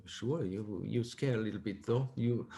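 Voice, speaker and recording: A man's voice: fairly low pitch, vocal fry, warm tone. Casting note: middle-aged Swiss German man, broken English, keeps hunting for the right word, easygoing interview guest. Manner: halting non-native English, searching for words. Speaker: guest, tightrope walker. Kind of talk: casual interview.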